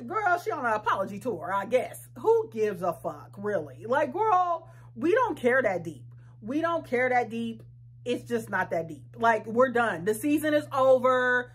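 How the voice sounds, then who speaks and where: High-voiced sassy woman vlogger. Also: a bit bright. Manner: blunt, sassy and profane; fast, talkative asides. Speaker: vlogger reacting to a reality show. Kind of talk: casual reaction vlog.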